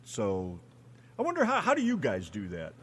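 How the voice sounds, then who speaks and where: A man's voice: lowish voice, wildly swooping pitch, normal speed, slightly rough. A man with an American accent co-hosting a casual radio show, joking and teasing his co-host.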